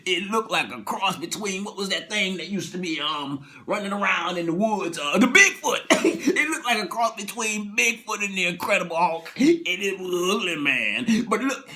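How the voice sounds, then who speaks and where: A man casually retelling a TV episode, animated and colloquial, breaking into frequent laughter. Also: a little high. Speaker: storyteller.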